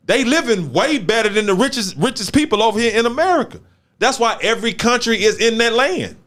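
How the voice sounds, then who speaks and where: A man's voice: extremely high pitch, expressive, a little fast, a bit bright. A man hosting a casual talk show, speaking emphatically in street slang and repeating words for stress. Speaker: show host. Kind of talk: casual chat.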